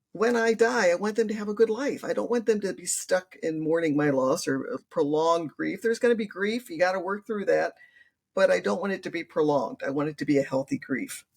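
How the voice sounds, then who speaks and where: A woman's voice: lowish voice, vocal fry, a little mellow, slightly rough. An older woman, a grandmother, talking earnestly as an interview guest and acting out what her family says. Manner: earnest, acts out family quotes. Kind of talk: conversational interview.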